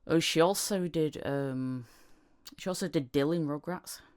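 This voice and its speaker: A woman voice actor joins a podcast as a guest, her voice sitting on the lower side. She speaks in an easygoing, agreeable way, pausing a little as she finds her words. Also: a little mellow. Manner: easygoing, agreeable, slightly hesitant. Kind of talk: casual chat.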